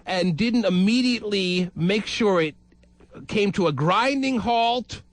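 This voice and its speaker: A man's voice: high-pitched, measured pace, slight background noise. A man hosting a call-in radio show, talking casually and joking sarcastically with callers and co-hosts.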